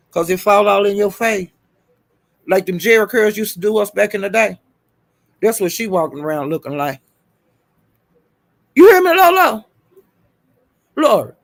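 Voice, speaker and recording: A man's voice: high-pitched, creaky. A man hosting a livestream in casual commentary, giving blunt, profane advice. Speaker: livestream host.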